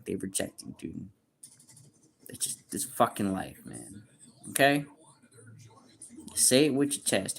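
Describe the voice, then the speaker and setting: A man's voice: fairly low pitch, a little slow, creaky, pauses often. Crude, slangy young streamer guy. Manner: crude, slangy, profane banter; reads chat questions aloud and answers bluntly. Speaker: livestreamer. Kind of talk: casual livestream chat.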